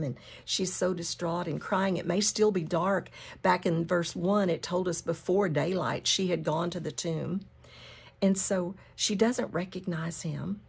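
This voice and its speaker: A woman leading a Bible study, reading scripture and teaching. She drops into a hushed whisper for emphasis and repeats key phrases. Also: fairly low pitch, vocal fry, husky.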